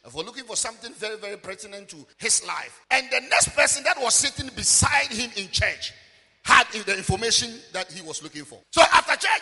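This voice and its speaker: A man, a pastor preaching with call-and-response and sing-song shouting in a church. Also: high voice, lively intonation, a little fast, husky. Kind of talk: sermon. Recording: long reverb, faint music behind.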